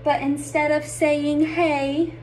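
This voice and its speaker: A woman's voice: sits high, takes it slowly, a little mellow, distant mic, slight background noise, poor audio. A woman narrating a rhyming children's storybook aloud.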